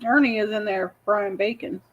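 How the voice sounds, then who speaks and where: A woman's voice: mid-range voice, fairly even intonation, normal speed. An older woman hosting a casual morning livestream, reading chat messages aloud and telling rambling family stories. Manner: rambling, chatty storytelling with fillers. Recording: slightly dull lo-fi audio.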